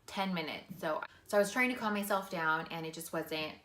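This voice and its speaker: A woman's voice: fairly low pitch, fairly quick, a bit bright, echoey room, slight background noise. A woman vlogger telling a personal story in a casual, earnest way, full of "like" and "you know". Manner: casual, filler-heavy, earnest.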